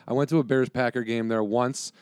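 A man's voice: mid-range voice, fairly even intonation, fairly quick, darkish tone, clean tone, dry recording. A man in his forties chatting casually, telling rambling, profane stories full of restarts. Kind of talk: casual chat.

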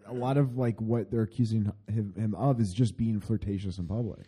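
A man's voice: on the low side, steady tone, fairly quick, mellow, slightly rough. A man co-hosting a podcast, chiming in during casual chat and stammering through repeated words. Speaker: podcast co-host.

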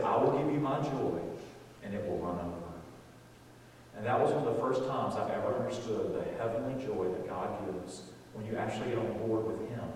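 A middle-aged male preacher telling a story in a sermon, swinging from quiet asides to loud excitement, recorded from far off in a large church hall. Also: lowish voice, slight background noise.

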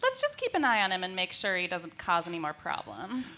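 A woman's voice: lowish voice, wildly swooping pitch, fairly quick, sharp tone, heavily acted. A woman reading the part of an earnest, anxious teenage girl in a comedic table read, exasperated and questioning.

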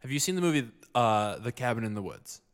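A man in casual podcast chat, rambling and halting with lots of restarts and jokes. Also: mid-range voice, expressive, clear, resonant tone. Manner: rambling, halting, many likes and restarts, joking.

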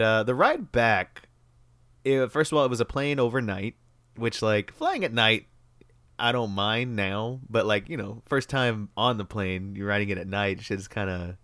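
A young man casually retelling a story, rambling and swearing freely, with lively bursts as he acts out the moment. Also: fairly low pitch, clear, resonant tone, no room sound.

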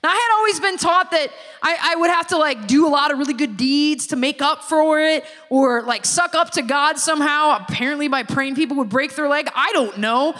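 Woman preaching her testimony, high voice, big echoey hall, acts out everybody in her story. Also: fairly quick, hardly any pauses. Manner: lively storyteller who acts out the people she quotes. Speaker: speaker giving a church testimony. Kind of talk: sermon-style personal testimony. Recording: long reverb of a large hall.

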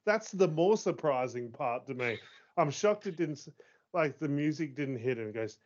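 Excitable swearing man on a dull recording. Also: on the high side, normal speed. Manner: excitable, swears freely, laughs often. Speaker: podcast co-host. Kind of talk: casual chat. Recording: dull lo-fi sound.

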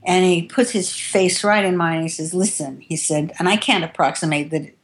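A woman with a slightly low voice recounts her years as a tattoo artist for an interviewer. She talks candidly and drifts from one memory to the next, with the odd curse dropped in. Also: normal speed, slight background noise. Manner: candid, rambling, casual swearing. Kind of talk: interview storytelling.

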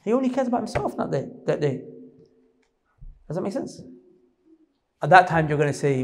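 A man preaching a sermon, emphatic and quick, often questioning his listeners. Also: a little high, sing-song, creaky, long reverb tail. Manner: rapid, emphatic, questions the audience.

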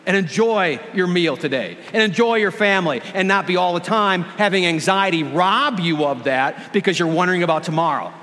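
A pastor preaching a sermon, earnest and emphatic, drawing out key words slowly for effect. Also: male voice, sits high, expressive, pushed and bright, big-room sound. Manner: earnest and emphatic, with dramatic slowdowns. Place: church.

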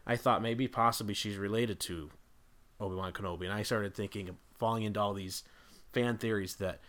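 A man with a fairly low voice talks casually as a podcast guest. He rambles, restarts his sentences and thinks aloud as he builds up an idea. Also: fairly even intonation, a little fast, a bit bright.

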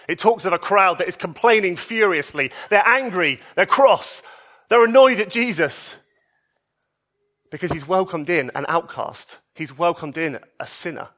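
A male preacher with a high, bright voice delivers a sermon. He swings between emphatic raised lines and hushed, soft passages. His tone is lively and pointed throughout. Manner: expressive, shifts between emphatic highs and soft low passages.

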